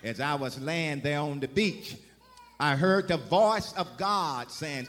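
A man preaching a sermon in the first person as a Bible figure, calling for responses and swinging from soft to loud. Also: a little high, slow pace, in a large hall. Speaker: guest preacher.

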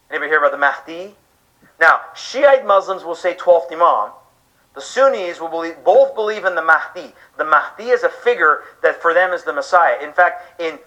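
Male preacher, high bright voice, emphatic lecture with rhetorical questions, live talk. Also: low-quality recording. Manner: emphatic, rhetorical questions, acts out listeners' reactions. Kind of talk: sermon-style lecture to an audience.

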